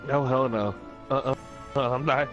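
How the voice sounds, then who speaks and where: A man's voice: medium pitch, moderate pace, highs cut off. A man chatting casually with a friend during a game, ranting with lots of swearing and laughter, with faint music behind. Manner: profane, animated, laughs a lot. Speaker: friend on voice chat. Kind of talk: casual gaming chat.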